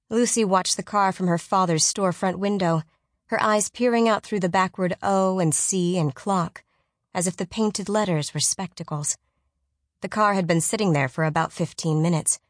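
A woman narrating a children's storybook audiobook in a measured, suspenseful way. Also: on the low side, no echo, studio quality.

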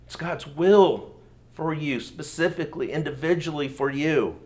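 A man's voice: fairly high pitch, a little slow, a little mellow. A man preaching a sermon in an earnest manner, often repeating words as he goes. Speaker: pastor.

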